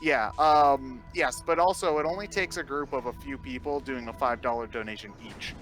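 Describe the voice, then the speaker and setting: A man's voice: mid-range voice, moderate pace, fairly bright tone, faint music behind. A young man co-commentating a charity game stream, reading donations and laughing often. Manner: laughs often while talking.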